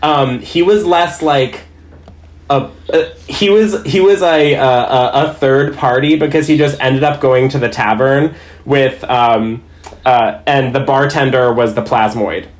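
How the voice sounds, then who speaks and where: A man's voice: medium pitch, a little slow. A man and dungeon master chatting as a podcast guest, telling stories in a rambling, self-amused way. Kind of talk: casual chat.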